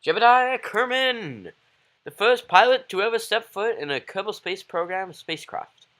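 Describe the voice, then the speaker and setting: A man's voice: high voice, expressive, moderate pace, fairly bright tone, pitched above the performer's own voice. A man putting on a theatrical accent as a grandiose male announcer proclaiming a launch.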